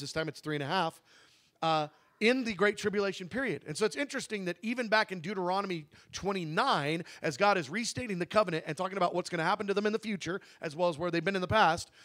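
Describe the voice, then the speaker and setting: A man with a notably high speaking voice leads a Bible teaching session. He talks in a conversational, emphatic way, drawing out the words he wants to stress and correcting himself mid-sentence. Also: a bit bright. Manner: conversational, with asides and self-corrections.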